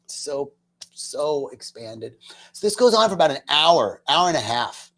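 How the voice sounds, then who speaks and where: A man telling a personal spiritual story to a group, emotional, slowing down for emphasis and sometimes dropping almost to a whisper. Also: fairly high pitch, very animated, a bit bright. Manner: emotional, slows down for emphasis, drops to a near whisper. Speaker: speaker at a retreat center.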